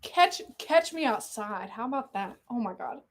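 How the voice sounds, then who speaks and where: A young woman hosting a casual live unboxing stream, excitable and rambling, swearing freely and drifting off mid-story. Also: fairly high pitch, normal speed, slight background noise.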